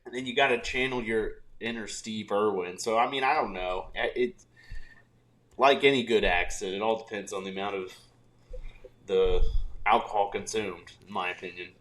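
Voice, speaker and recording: A man's voice: on the low side, steady tone, moderate pace, a bit bright. A man co-hosting a sports podcast in casual chat, rambling and trailing off mid-sentence. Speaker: podcast co-host.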